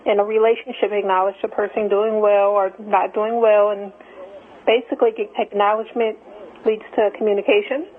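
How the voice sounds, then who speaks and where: A woman from California calling into a radio show, speaking hesitantly with many pauses and fillers. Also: medium pitch, level tone. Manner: hesitant, full of "um" and "as far as". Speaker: caller. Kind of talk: call-in radio talk. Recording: phone line.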